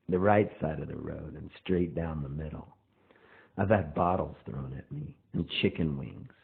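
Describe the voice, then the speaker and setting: A middle-aged man, a touring folk singer, rambling through a spoken monologue intro with drawn-out lines. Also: a bass voice, vocal fry, slightly rough. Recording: tinny phone-like sound.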